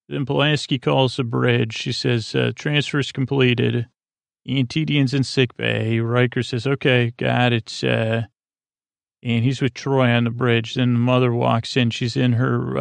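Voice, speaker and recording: A man recapping an episode in a slow, meandering sleep-podcast style, full of fillers and restarts. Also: mid-range voice, gravelly, no echo. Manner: meandering, filler-heavy, halting retelling. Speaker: podcast host.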